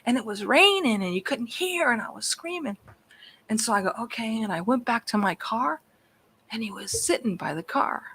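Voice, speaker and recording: A woman guest telling a personal story in a rambling, animated way, often calling out to her listeners. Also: fairly high pitch, moderate pace, husky. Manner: animated, rambling, addresses listeners as "you guys". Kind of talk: excited storytelling on a talk show.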